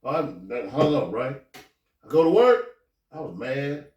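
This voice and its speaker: A man hosting a podcast, telling a story casually, with animated, profane delivery, acting out the quoted lines. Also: mid-range voice, measured pace, lo-fi sound. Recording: echoey room, mic at a distance.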